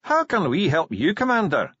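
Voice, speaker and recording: A man's voice: sits high, wildly swooping pitch, moderate pace, a bit bright, slightly rough, dry recording, muffled recording, voice pushed up, heavily acted. A man voicing a cheerful, polite and shrewd male dwarf who speaks diplomatically.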